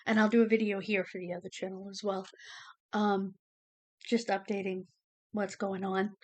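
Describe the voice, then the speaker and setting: In a flat, slightly mellow mid-range voice at normal speed, a woman vlogs a casual personal update into the camera facing her. She rambles, gets emotional to the point of nearly crying at times, and leans on fillers such as "you know" and "um."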